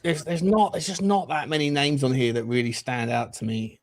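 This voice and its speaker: A man in a casual football chat, blunt and sweary, with quick banter. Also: mid-range voice, fairly even intonation.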